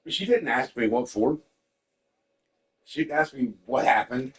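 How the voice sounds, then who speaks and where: Man, casual chat, storytelling, mid pitch, swearing. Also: expressive, measured pace, low-quality recording. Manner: emotional storytelling, swears, quotes others; eating while talking. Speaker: podcast host.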